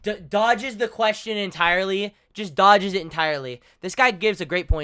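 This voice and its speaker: A man streaming his profane reaction commentary, mocking and scornful, quick to laugh. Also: high voice, pushed and bright, clear, resonant tone, soft background music.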